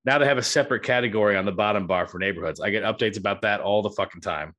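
A man co-hosting a comedy podcast, complaining in a wry, deadpan way with frequent swearing. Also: on the low side, very fast, lo-fi sound. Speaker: podcast co-host. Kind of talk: casual comedic chat.

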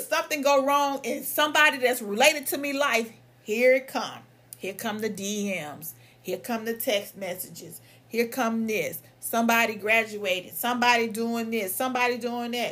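A woman's voice: fairly high pitch, moderate pace, a bit bright. A young woman, a lawyer and vlogger, ranting in a heated, emphatic and profane way, her voice strained from coughing. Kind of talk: angry ranting monologue.

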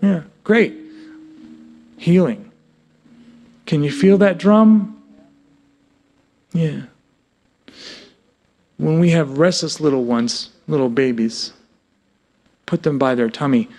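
A man gives a workshop talk to a live audience about his work as a music therapist. His voice sits a little high for a man, and he keeps the talk animated and full of jokes. He often turns to the room with questions. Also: takes it slowly, long pauses. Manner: animated and joking, breaks into sung snippets; asks the audience frequent questions.

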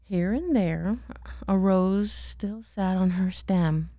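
A mother reading a bedtime story aloud to her child, gently and unhurried, with chatty asides. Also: medium pitch, no room sound, studio quality.

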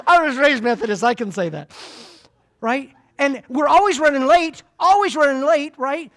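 A middle-aged Southern man speaking in a conference room, telling animated, folksy stories. His Southern US drawl carries the jokes, and he moves quickly from quiet reflection to lively comedy as a keynote speaker. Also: extremely high pitch. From Florida, US. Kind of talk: humorous motivational speech. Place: conference room before a live audience.

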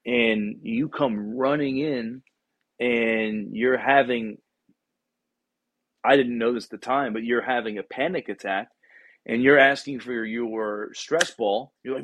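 A man's voice: mid-range voice, unhurried, fairly bright tone, dry recording. A man who hosts a casual chat, a former Marine recruiter telling rambling, profane stories to his guest.

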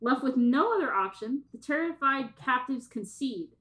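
A woman co-hosting a casual comedy podcast with friends. She laughs easily and reads blurbs aloud with dramatic pauses, in a slightly high voice. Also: lively intonation, fairly bright tone, low-quality recording. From American South. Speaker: podcast co-host. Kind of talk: casual chat and reading descriptions aloud.

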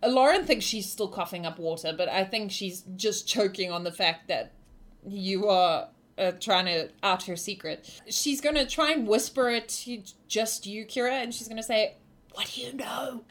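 A woman's voice: medium pitch, moderate pace. A woman narrating as game master of a tabletop game, in a loose, casual manner full of fillers.

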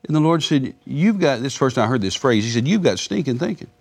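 Gravelly older man telling stories. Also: medium pitch, big pitch swings, quick pace. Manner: folksy, repeats words while telling stories. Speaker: guest minister. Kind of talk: storytelling in a broadcast interview.

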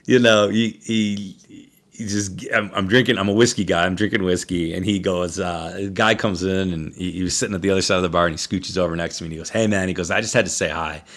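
Very deep-voiced conversational man. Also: steady tone, fast, fairly bright tone. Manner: conversational, easygoing, many restarts. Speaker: hockey broadcaster, guest. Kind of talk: casual podcast interview.

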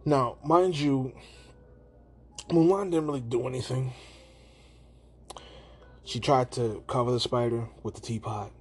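A man casually and profanely retelling a movie scene on his podcast, slipping into quick put-on voices for the characters. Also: medium pitch, husky. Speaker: podcast host.

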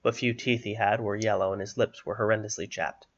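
A man reading a fantasy story aloud in a steady, even narration. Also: fairly low pitch, fairly quick, lo-fi sound.

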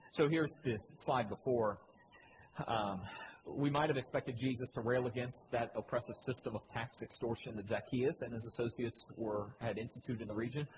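A man preaching a sermon, repeating key phrases, asking the congregation questions, and swinging between loud emphatic lines and low quiet ones. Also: noisy background. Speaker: pastor. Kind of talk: sermon with slides.

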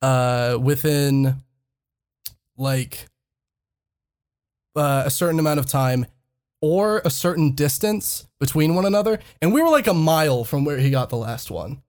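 Young man telling a story, laughing, animated. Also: fairly high pitch, a little slow, long pauses. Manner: laughs often mid-story, swears freely. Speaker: podcast host. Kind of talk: casual storytelling.

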